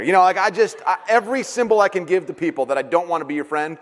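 High-pitched and fast, a middle-aged man preaches a sermon. This pastor tells stories that laugh at himself and acts out their voices with animated flair, captured with a long hall reverb.

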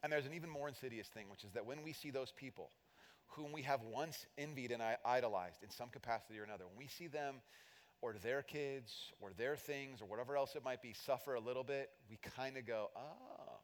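A middle-aged man preaching a sermon as pastor, animated and self-deprecating, acting out little voices to make his points. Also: medium pitch, fairly quick. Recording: long hall reverb.

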